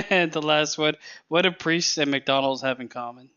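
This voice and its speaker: A man's voice: on the high side, slow, bright, forceful tone, smooth. A man co-hosting a casual podcast, reading off crude one-liners and laughing through his punchlines. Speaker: podcast co-host. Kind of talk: casual joke-telling chat. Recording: dull lo-fi mic.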